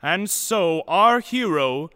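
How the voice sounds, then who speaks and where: A man's voice: sits high, expressive, slow, long reverb tail, loud music behind the voice. A man narrating a playful western story in a sing-song storybook manner.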